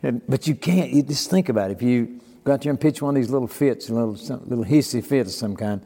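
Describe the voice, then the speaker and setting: A man's voice: mid-range voice, fast, warm tone, in a large hall. An older man telling stories in casual podcast talk, acting out quoted dialogue as he goes. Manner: folksy storyteller, acts out quoted dialogue. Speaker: podcast guest. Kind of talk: casual storytelling.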